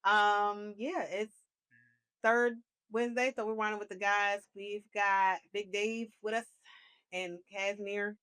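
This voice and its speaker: A woman's voice: medium pitch, flat delivery, measured pace, fairly bright tone, smooth. A woman co-hosting a podcast, introducing guests and chatting in an upbeat, welcoming way. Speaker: podcast co-host. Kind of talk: casual chat.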